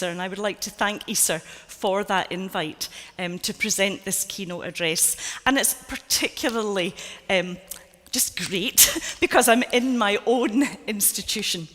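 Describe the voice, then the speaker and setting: A woman's voice: mid-range voice, a bit bright. A Scottish woman in her sixties giving a conference keynote with chatty, self-deprecating asides. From Scotland. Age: 60s. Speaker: keynote speaker. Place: large university auditorium. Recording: long reverb of a large hall.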